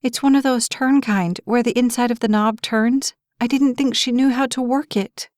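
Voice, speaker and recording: A woman doing a frantic, high-pitched young mother. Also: normal speed, dark tone, dry recording, clean studio sound. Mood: anxious. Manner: panicky, breathless, high-strung. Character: frantic young mother near hysteria, about twenty.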